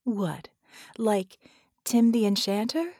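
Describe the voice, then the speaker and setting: A woman's voice: mid-range voice, lively intonation, slow pace, mellow, no room sound, studio quality. A woman reading an audiobook, voicing a teasing young woman who sounds incredulous.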